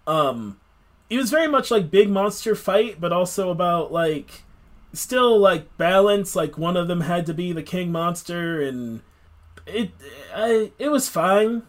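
A man's voice: high-pitched, expressive, measured pace. A man hosting a podcast, chatting casually and rambling with many fillers. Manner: rambling, filler-heavy, laughs often. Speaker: podcast host. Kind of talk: casual chat.

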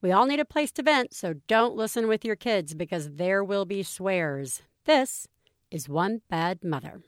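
A woman's voice: medium pitch, no room sound. Chatty woman, dry close sound. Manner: animated, swearing, quick asides with laughs. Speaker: podcast co-host. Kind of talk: casual chat, storytelling.

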